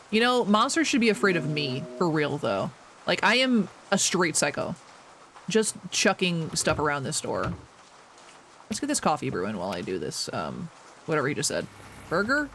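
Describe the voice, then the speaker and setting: A young man streaming a video game, chatting casually with his chat while he plays, animated and self-mocking. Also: a little high, moderate pace, a little hiss or hum.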